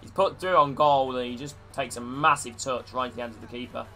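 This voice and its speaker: A man's voice: mid-range voice, quick pace, bright, forceful tone, soft background music. A man live-streaming a football video game, calling the play and greeting his chat viewers. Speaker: gaming streamer.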